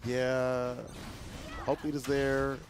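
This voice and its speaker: A man co-hosting a fighting game watch party in a laid-back, slangy way, with animated reactions. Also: mid-range voice, drawn-out words. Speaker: co-host commentator. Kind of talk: casual fighting game co-commentary. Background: music.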